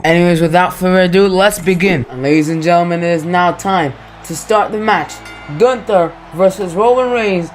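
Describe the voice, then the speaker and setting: A man doing hyped, announcer-style play-by-play over video gameplay, building suspense with rhetorical questions. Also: high-pitched. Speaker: YouTube gaming creator.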